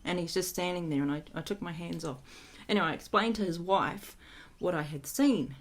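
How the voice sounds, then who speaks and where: A woman's voice: lowish voice, moderate pace. Chatty woman telling a story. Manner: chatty, laughs often, frank. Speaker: energy healer and teacher. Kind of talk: casual storytelling.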